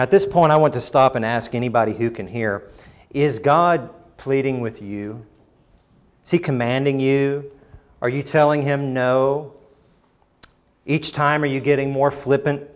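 With a measured pace, the pastor preaches, building to emphatic bursts before dropping to a low, quiet tone. Some quoted lines he acts out in exaggerated mock voices.

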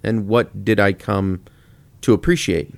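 A man's voice: lowish voice, fairly even intonation, unhurried, creaky, dry recording. A man co-hosting a casual podcast discussion on faith, talking reflectively. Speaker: podcast co-host.

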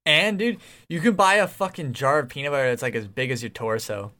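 A man co-hosting a casual podcast chat, excitable and rambling, swearing freely as he tells stories. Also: mid-range voice, a little fast. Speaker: podcast co-host.

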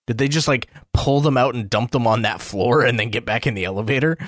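A man's voice: medium pitch, fairly quick, dry recording, studio quality. A man co-hosting a podcast, griping bluntly and emphatically with casual swearing. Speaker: podcast co-host. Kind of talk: casual chat.

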